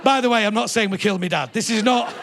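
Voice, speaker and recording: With a voice that sits high, shows vocal fry and moves fast, a middle-aged stand-up works a live theatre audience through slight background noise. His routine is brash and sweary storytelling. He shouts in put-on voices for the characters.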